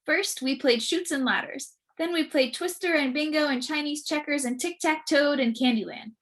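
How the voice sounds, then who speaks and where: A woman reading a children's book aloud with lively, expressive storytelling. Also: sits high, moderate pace. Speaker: storybook reader.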